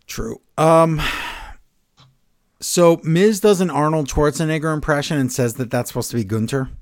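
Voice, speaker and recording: A man's voice: fairly high pitch, moderate pace, dry recording, clean studio sound. A man co-hosting a wrestling podcast, recapping the week's shows in a sarcastic, exasperated way. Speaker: podcast co-host. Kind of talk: casual wrestling recap chat.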